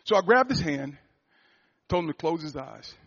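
A man preaching a sermon, telling a personal story, swinging from loud, rising fervor to a hushed, quiet confession. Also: on the high side, expressive, moderate pace, lo-fi sound. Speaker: pastor.

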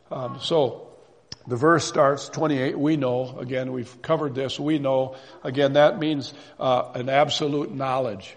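Gravelly guy preaching, slow and steady, says things twice, long echo in the hall. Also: medium pitch. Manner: measured, repeats phrases for emphasis. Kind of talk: sermon. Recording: reverberant hall.

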